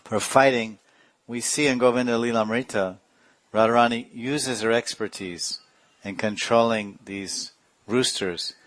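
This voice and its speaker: A man's voice: fairly low pitch, no room sound. A man teaching a devotional class, telling stories animatedly with imitated sounds and chuckling asides. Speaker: spiritual teacher.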